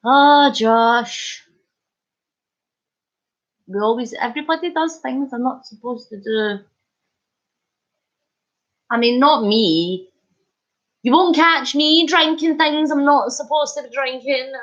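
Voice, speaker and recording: Woman streamer, high voice, unhurried, playful banter, slightly dull lo-fi stream audio. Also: expressive, fairly bright tone. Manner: chatty, jokey, punning, laughs often. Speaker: livestream host. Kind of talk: casual live chat reading comments.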